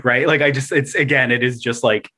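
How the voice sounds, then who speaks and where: A man appears as a podcast guest, chatting casually in an animated, profane way with plenty of fillers and restarts. His medium-pitched voice moves briskly, swinging between loud, emphatic bursts and quiet, mocking asides.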